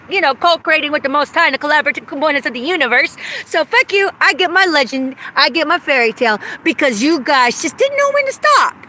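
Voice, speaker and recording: A woman with a high, sharply bright voice delivers a ranting vlog monologue outdoors. She is angry, profane and accusatory throughout, with faint traffic noise behind her. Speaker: vlogger.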